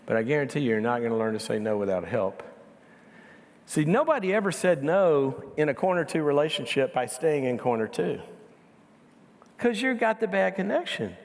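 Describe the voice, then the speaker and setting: A man's voice: on the high side, lively intonation, moderate pace. A middle-aged man giving a conversational sermon as a guest speaker, chuckling at his own jokes. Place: large church auditorium. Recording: long hall reverb.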